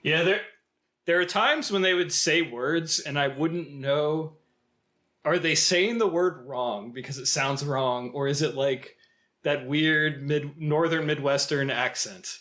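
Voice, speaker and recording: Male podcast co-host, fairly high voice, reflective and hesitant delivery. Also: slow pace, pushed and bright. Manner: thoughtful, musing, hesitant with many fillers. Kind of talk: casual film discussion.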